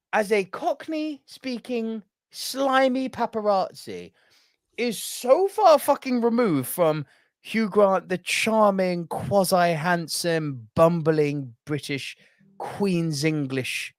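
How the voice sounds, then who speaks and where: A young man co-hosting a casual podcast, talking in an animated, emphatic way with plenty of swearing. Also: high-pitched, slow pace, no room sound, clean studio sound. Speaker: podcast co-host.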